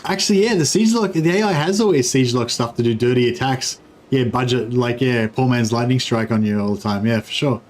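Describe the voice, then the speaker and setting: A man's voice: medium pitch, a little fast, hardly any pauses. A man streaming a strategy game, thinking aloud in hesitant, casual commentary and swearing now and then. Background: faint game music.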